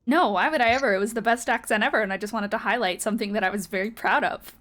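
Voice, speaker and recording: A woman's voice: on the high side, fast, fairly bright tone. A woman running a tabletop game as game master, moving from a casual, giggly recap full of swearing into descriptive narration.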